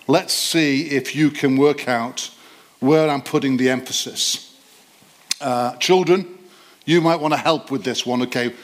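A man preaching a sermon to his church, reading scripture slowly with stressed words and quizzing the congregation. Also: medium pitch. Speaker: pastor. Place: church service.

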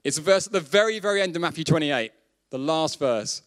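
A man from the south of England preaching a sermon, who lifts his voice high when he quotes scripture and laughs off his own slips. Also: lively intonation, brisk, a bit bright. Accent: Southern English. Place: church hall.

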